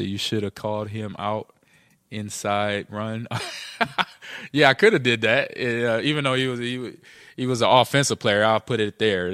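Middle-aged guy on a podcast, bright low-ish voice, animated storyteller, dry close sound. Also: no room sound. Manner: animated, acts out quotes with jumps in pitch. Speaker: podcast co-host, former football player. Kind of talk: casual storytelling chat.

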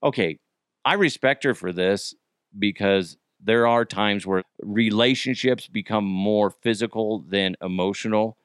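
A man's voice: on the low side, a little slow, clean tone, no echo, clean studio sound. A man hosting a comedy podcast, chatting casually and rambling, with many restarts and asides. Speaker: podcast host.

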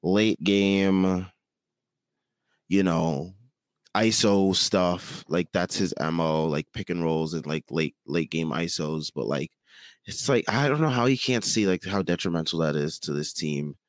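A man co-hosting a casual postgame sports podcast, losing his voice, talking in halting bursts with lots of fillers and restarts. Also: sits low, dry recording, studio quality. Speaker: podcast co-host; teacher.

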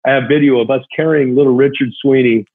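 A man, a former big-league pitcher, telling an emotional childhood story in a rambling, casual way with many fillers. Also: fairly even intonation, fast, slightly rough. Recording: tinny phone-line sound.

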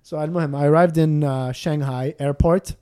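A man's voice: on the high side, steady tone, normal speed, dark tone, clean tone. A man in casual chat telling a long travel story, rambling with restarts and self-deprecating jokes.

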